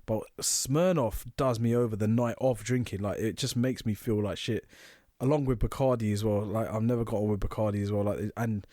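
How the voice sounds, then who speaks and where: A podcast co-host with a lowish male voice rattles off drinking stories in casual chat, quick and animated, acting out what people said. The studio-quality recording has no room sound.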